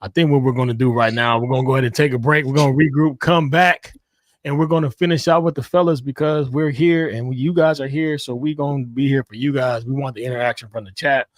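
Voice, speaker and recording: A man hosting a podcast, running segment breaks in a smooth radio-style patter. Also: mid-range voice, steady tone, quick pace, dry recording, studio quality. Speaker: podcast host. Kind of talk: hyped show hosting.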